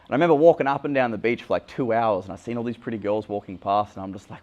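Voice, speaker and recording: A man's voice: fairly low pitch, expressive, quick pace, hardly any pauses, darkish tone. A young Australian man, a dating coach, talking casually and bluntly with frequent swearing. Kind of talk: candid vlog monologue.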